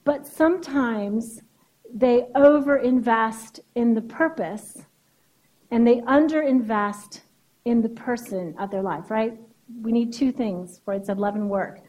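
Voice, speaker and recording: A woman's voice: a little high, takes it slowly, darkish tone, poor audio. A woman therapist giving a keynote speech in a conversational lecturing way, often checking in with "right?".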